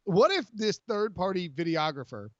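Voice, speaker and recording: Animated male sports podcast host. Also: high voice, moderate pace, no room sound, muffled recording. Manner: rambling, animated, slips into mock voices. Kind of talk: casual sports chat.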